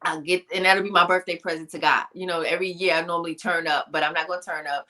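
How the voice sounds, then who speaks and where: A woman telling her personal testimony in an animated storytelling style, acting out voices and laughing often. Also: fairly low pitch, fast. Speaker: guest, motivational speaker.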